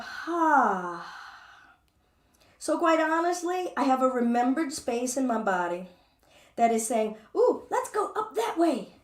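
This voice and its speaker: A woman teaching a live yoga class, chatty and playful as she talks through her own movements. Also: high-pitched. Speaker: yoga instructor. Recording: echoey room, distant mic.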